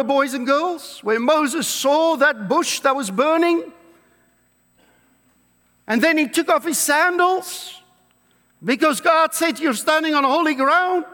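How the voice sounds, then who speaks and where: A man with a very high, bright voice preaches an emphatic sermon. He takes his time, drawing out the words he wants to land. The church around him rings with a long reverb. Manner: emphatic preaching with slow, drawn-out stresses and quoted scripture. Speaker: pastor.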